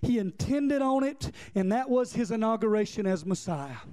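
High-pitched man preaching a fiery sermon. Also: expressive, moderate pace, clean tone. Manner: impassioned, rhythmic repetition, bursts into shouting; speaks directly to the congregation.

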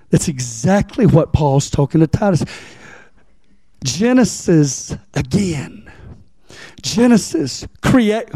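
Male preacher, high voice, mellow tone, folksy Bible teaching. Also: no echo, studio quality. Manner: folksy, repeats key words, asks the congregation.

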